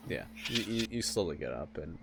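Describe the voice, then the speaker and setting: Low-voiced man narrating as game master. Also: sing-song, fairly quick, background noise. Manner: loose and meandering, with frequent fillers.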